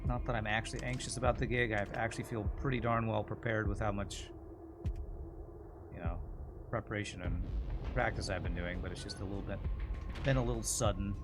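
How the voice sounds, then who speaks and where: A man's voice: on the low side, steady tone, brisk, long pauses, over music. A man streaming a video game, chatting casually and rambling between the plays and chat messages. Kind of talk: casual gameplay commentary.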